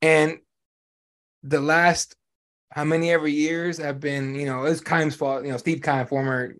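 A man's voice: fairly high pitch, flat delivery, unhurried, a bit bright. A man hosting a sports podcast in casual chat, blunt and profane, ranting with lots of animation. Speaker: podcast host.

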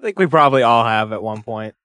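A man's voice: medium pitch, animated, quick pace, fairly bright tone, no echo. A man co-hosting a casual podcast, adding reasoned points and laughing easily. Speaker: podcast co-host.

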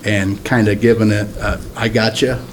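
A man's voice: lowish voice, level tone, normal speed, slight background noise. A man co-hosting a podcast, telling crude stories in a casual chat and laughing at his own jokes. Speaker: podcast co-host.

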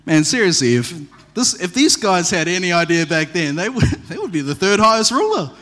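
High-voiced preacher in a reverberant hall. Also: male voice, fairly quick. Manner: animated storytelling preacher with asides. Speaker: pastor. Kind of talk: sermon.

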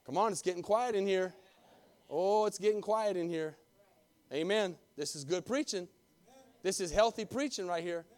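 High-voiced, fervent male preacher. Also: moderate pace, darkish tone. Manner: fervent, calls for amens, talks directly to the congregation. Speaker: pastor. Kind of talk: sermon.

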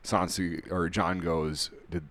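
A man co-hosting a podcast in casual, laid-back chat with quick agreeing replies. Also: low voice, no room sound. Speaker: podcast co-host.

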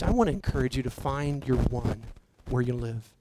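A man preaching a sermon, slow and emphatic, dropping his voice low for key points. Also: animated, very noisy. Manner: slow, emphatic preaching with dramatic drops to near-whisper. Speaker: pastor.

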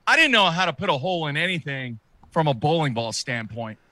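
Bright-voiced animated man telling a story. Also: on the high side, a little fast. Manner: animated, repeats and restarts words. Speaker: podcast guest. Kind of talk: casual chat, storytelling.

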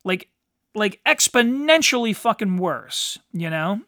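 High-voiced man on a profane rant. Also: sing-song, takes it slowly, sharp tone, dry recording, clean studio sound. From United States. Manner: blunt, heavy swearing, frequent "you know". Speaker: podcast host. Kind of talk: profane ranting monologue.

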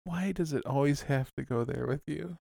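A man's voice: fairly high pitch, moderate pace, gravelly, dark tone, no echo, clean studio sound. A man co-hosting a podcast, retelling movie scenes in a casual, chatty way. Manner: chatty storyteller, retells scenes, laughs along. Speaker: podcast co-host. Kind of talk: casual chat recapping a movie.

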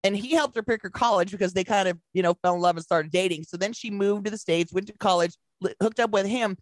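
A woman's voice: mid-range voice, quick pace, dry recording, clean studio sound. A woman co-hosting a podcast, telling stories in casual chat, acting out quotes and swearing freely. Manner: animated storytelling, acts out quotes, swears freely. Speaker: podcast co-host.

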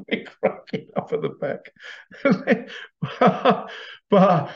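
A man's voice: sits high, sing-song, extremely slow, gravelly, muffled recording. A man hosting a show and telling anecdotes in a chatty way, often breaking into laughter. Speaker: host. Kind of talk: casual anecdotal storytelling.

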